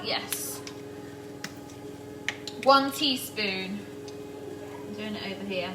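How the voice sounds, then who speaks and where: Speaking extremely slowly in a medium-pitched voice, a middle-aged woman runs a live cooking stream from her home kitchen. She chats casually and welcomes viewers by name while working. Background noise, kitchen echo, a far-off mic, and pan clatter fill the recording.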